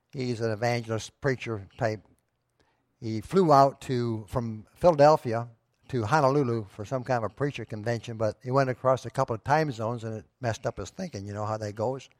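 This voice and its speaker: A man's voice: mid-range voice, fairly quick, no room sound. A pastor preaching a sermon to his church, telling a story in a conversational way that rises to emphatic moments.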